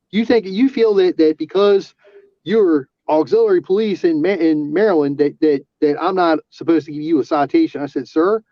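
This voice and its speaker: Man, higher voice, halting storytelling, dry, lo-fi audio. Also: dry recording. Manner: halting, many restarts and fillers. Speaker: guest, auxiliary police officer. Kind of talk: casual storytelling. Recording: dull lo-fi sound.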